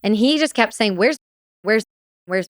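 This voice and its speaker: A woman recounts her time in combat on a podcast, her voice smooth and clear at a middle pitch. She talks in halting bursts, breaks off to restart her sentences and swears bluntly. It sounds like a studio mic. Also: expressive. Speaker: podcast guest, military veteran. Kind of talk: recounting war memories in conversation.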